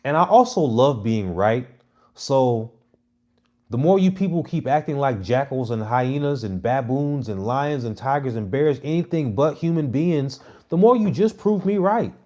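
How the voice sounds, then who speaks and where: A brash man in his thirties talks straight to his audience in a casual, provocative monologue. His pitch sits mid-range for a man, and he swings from loud, mocking jabs to low, muttered asides. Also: animated, measured pace. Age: 30s. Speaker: comedy content creator.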